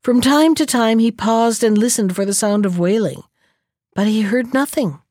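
A woman narrating an animal folktale in an expressive, measured storybook style. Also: a little high, dry recording, clean studio sound.

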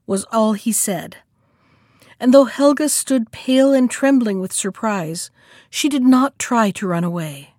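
A woman reading a fairy tale aloud in a measured, expressive storytelling manner. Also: fairly high pitch, dry recording, clean studio sound.

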